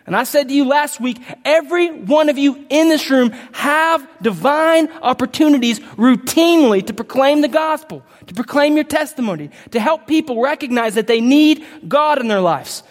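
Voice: high-pitched, expressive, moderate pace, hardly any pauses. A preacher giving an emphatic sermon to a congregation, reading scripture aloud and stumbling now and then over the words. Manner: emphatic, impassioned delivery. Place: large hall with a congregation. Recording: long hall reverb.

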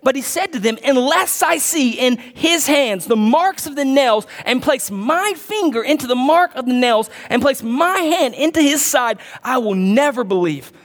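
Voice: high-pitched, lively intonation, normal speed, hardly any pauses, big-room sound. A pastor preaching a sermon in a conversational way, reading scripture aloud and adding casual asides to the congregation.

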